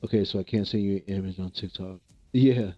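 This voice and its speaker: A man's voice: lowish voice, steady tone, brisk, no room sound, dull audio, faint music behind. A man from the American Midwest chatting casually with viewers on a livestream, laid-back and rambling, often repeating himself. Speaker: streamer.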